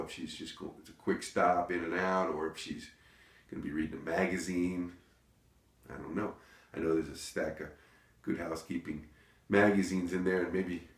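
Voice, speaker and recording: A comedian rambling through a comic story with self-interruptions and deadpan asides. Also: male voice, low voice. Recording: echoey room, distant mic.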